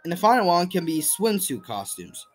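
A man's voice: high voice, sing-song, normal speed. A young man giving a casual voice-over about fan-made game movesets, rambling and self-deprecating with many fillers and restarts. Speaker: video creator presenting fan movesets. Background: faint background music.

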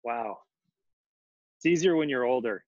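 A man's voice: medium pitch, animated, unhurried, a little mellow, no room sound, dull audio. A man co-hosting a children's reading, chatting easily and reading a storybook aloud. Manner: easygoing, chatty. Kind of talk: storybook read-aloud and chat.

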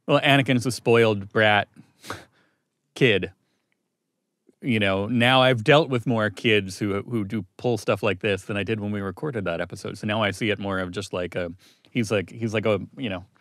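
A man's voice: fairly low pitch, a bit bright, no room sound, studio quality. A man guesting on a podcast, talking in an enthusiastic, rambling way. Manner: enthusiastic, rambling, laughs often. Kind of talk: casual chat.

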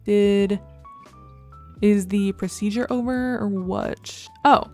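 A woman's voice: mid-range voice, fairly even intonation, takes it slowly, dark tone, faint music behind. A young woman casually commenting on her life-sim game as she plays, rambling and full of filler words, now and then squealing over cute moments. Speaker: let's play creator.

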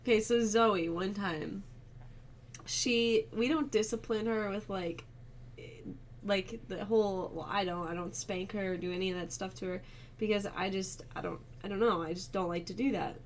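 A woman co-hosting a reaction channel, telling a parenting story in a rambling, swearing, animated way. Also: medium pitch, normal speed, a little hiss or hum. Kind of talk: casual storytelling chat.

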